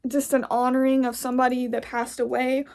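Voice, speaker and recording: Angry high-voiced young woman ranting. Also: little pitch movement, brisk, gravelly, a little mellow. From United States. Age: young adult. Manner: angry, profane, blunt. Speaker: podcast host. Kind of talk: casual ranting monologue.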